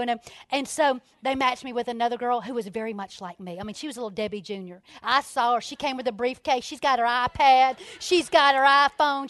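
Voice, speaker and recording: A middle-aged woman telling a lively story to a church audience, laughing often and dropping into soft asides. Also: high voice, no room sound. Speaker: speaker at a women's ministry event.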